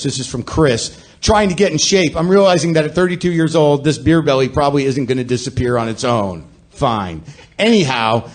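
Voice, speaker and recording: A podcast host with a fairly high-pitched, slightly raised voice rants through a comic monologue for a live audience, sounding sardonic and self-deprecating.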